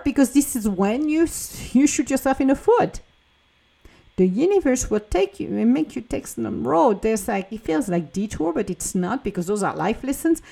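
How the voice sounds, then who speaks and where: A woman's voice: a little high, vocal fry, warm tone. A woman hosting a motivational podcast, talking earnestly and acting out her own inner dialogues. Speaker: podcast host.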